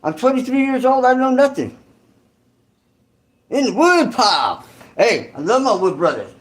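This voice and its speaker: A man's voice: very high-pitched, sing-song, normal speed, pauses often. A man from California who hosts his channel, telling a story in a rambling, slangy monologue full of restarts and asides. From Santa Clara, California. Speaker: online creator host.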